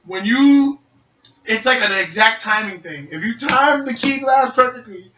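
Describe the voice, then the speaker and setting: A young man co-hosting a casual gaming podcast, telling stories with lots of acted-out voices and shouts. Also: very high voice, unhurried, dull audio, slight background noise. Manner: animated storyteller, acts out voices and shouts. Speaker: podcast co-host. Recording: echoey room, mic at a distance.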